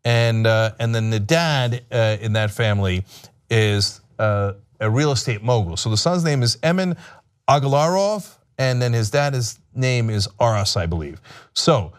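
A man's voice: mid-range voice, expressive, unhurried, smooth. A man giving sarcastic political commentary in a mocking manner.

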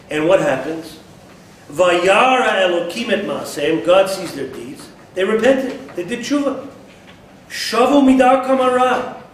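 High-voiced man teaching Bible text, echoey room. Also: a little hiss or hum. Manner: explains Hebrew verses in English, rising emphatically when voicing the prophet. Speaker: Torah teacher. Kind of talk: text-based Bible class. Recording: distant mic in an echoey room.

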